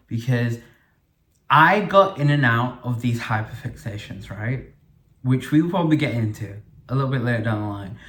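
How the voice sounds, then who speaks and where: A young man from the UK rambles through a casual solo podcast, chatty and full of fillers and quick self-corrections. His voice sits at an ordinary middle pitch. The living room around him gives the sound a noticeable echo. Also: fairly bright tone. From United Kingdom. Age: young adult. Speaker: podcast host. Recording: echoey room.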